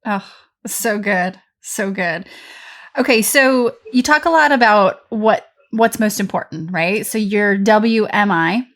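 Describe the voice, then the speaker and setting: A woman hosting a podcast interview, asking questions and giving quick affirming reactions. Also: mid-range voice, a bit bright. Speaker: podcast host.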